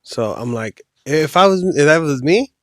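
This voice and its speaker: A man hosts a podcast, his slightly high voice fairly bright with lively intonation at normal speed. The recording is dry and studio-clean. He tells a horror story in a loose, rambling, casual way, full of slang.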